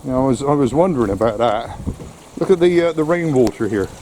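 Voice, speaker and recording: A man's voice: medium pitch, animated, fairly quick, dark tone, a little hiss or hum. Grumbling out-of-breath man. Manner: grumbling, exasperated, swears mildly. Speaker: vlogger. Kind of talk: casual vlog commentary while walking and driving. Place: outdoors on a street in the rain, then inside a car.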